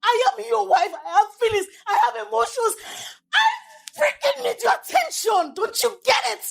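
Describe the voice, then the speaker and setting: A furious young wife with a Nigerian accent. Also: female voice, sits high, sing-song, moderate pace. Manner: sharp, exasperated, repeats herself when angry. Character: young wife, furious at her neglectful husband. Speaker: actress. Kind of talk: Nigerian film drama acting.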